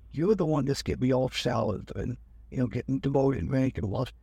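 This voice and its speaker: A man's voice: mid-range voice, fairly quick, warm tone, slightly rough, no echo. An older man telling a rambling personal story in casual talk, acting out the people he quotes. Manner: rambling, acts out quoted officers. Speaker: guest telling his life story.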